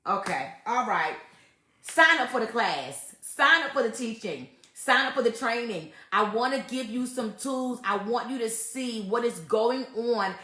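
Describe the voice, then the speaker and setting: A woman's voice: on the high side, lively intonation, a little slow, bright, forceful tone, roomy sound. A woman hosting a casual faith-based talk on relationships, emphatic and repetitive, often laughing as she makes her points. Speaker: host giving relationship advice.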